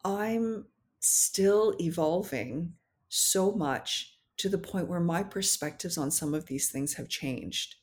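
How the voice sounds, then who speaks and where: A woman who is a podcast guest and memoir author, talking candidly and thoughtfully, often pausing to search for words. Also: lowish voice, a little mellow. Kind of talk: reflective conversational interview.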